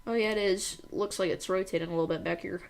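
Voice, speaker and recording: A woman's voice: mid-range voice, fairly even intonation, fast, a little hiss or hum. An American woman giving casual live storm-tracking commentary, reading viewer chat aloud and bantering with them. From United States. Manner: self-deprecating. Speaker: weather livestreamer.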